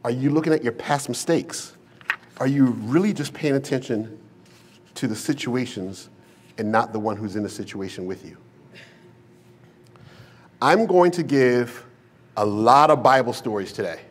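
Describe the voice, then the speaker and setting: A man's voice: medium pitch, a little slow, pauses often, slightly rough. A male pastor preaching a sermon to a congregation in a church, mixing humor, slang and rhetorical questions into his storytelling. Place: church sanctuary with a live congregation.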